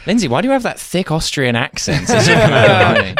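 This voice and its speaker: A man's voice: high voice, very animated, fairly bright tone, dry recording. Dry-voiced man riffing on a comedy podcast. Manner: riffing, quick jokey asides. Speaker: podcast host. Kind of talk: casual comedic banter.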